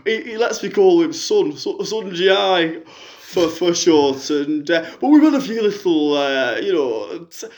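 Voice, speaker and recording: A man's voice: on the high side, expressive, measured pace, a little mellow. A man voicing a brash, crude middle-aged woman calling in to a radio show, rambling and chatty.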